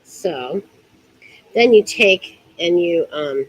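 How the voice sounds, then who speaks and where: A chatty woman walks through rope ties in a loose, hands-on demonstration. She has a lowish voice, giggles often and lets sentences trail off as she works. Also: expressive, drawn-out words, poor audio. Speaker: rope bondage instructor.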